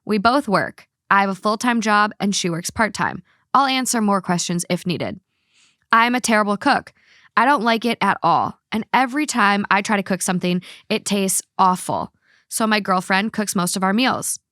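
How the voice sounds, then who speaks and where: A woman's voice: mid-range voice, moderate pace, fairly bright tone, no room sound, clean studio sound. A woman hosting a podcast, chatting casually, swearing freely and reading online posts aloud. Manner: swears freely, blunt opinions. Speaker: podcast host.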